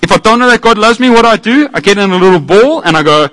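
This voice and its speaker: A man preaching a sermon, animated and self-deprecating, swinging from quiet asides to loud exclamations. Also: high voice, quick pace, hardly any pauses, rough recording. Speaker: pastor.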